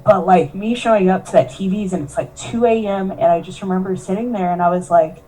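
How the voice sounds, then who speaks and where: With a medium-pitched, warm voice and a brisk delivery, the wrestler continues her earnest, emotional account as a podcast guest, frequently quoting herself and other people. The audio is poor.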